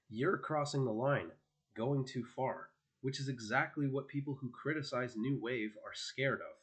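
A man's voice: on the low side, close to an everyday voice. A man voicing a sarcastic, moralizing teenage girl healer in an audiobook, lecturing firmly.

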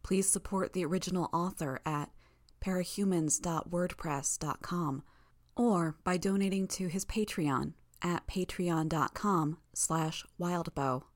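A woman reads a scripted audiobook introduction. Her read is plain and measured, and her voice sits lower than most. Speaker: audiobook announcer. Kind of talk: scripted announcement.

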